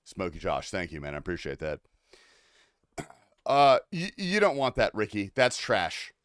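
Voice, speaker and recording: A man's voice: lowish voice, huge pitch swings, measured pace, a bit bright, no echo, clean studio sound. A man streaming a game, joking with chat in a loose, profane, laughing ramble. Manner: joking, rambling, swears often, laughs a lot. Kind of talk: casual livestream chat.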